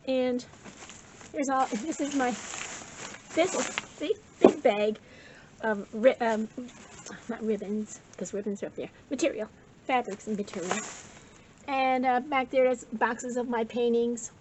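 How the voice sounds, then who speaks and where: An older woman with a somewhat high voice chats her way through a tour of her craft room, rambling and correcting herself as she goes. She sounds slightly out of breath. A faint hum of room noise sits behind her. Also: slow pace, long pauses, darkish tone, low-quality recording. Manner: rambling, chatty, self-correcting. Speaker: craft vlogger. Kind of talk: casual show-and-tell of a craft room.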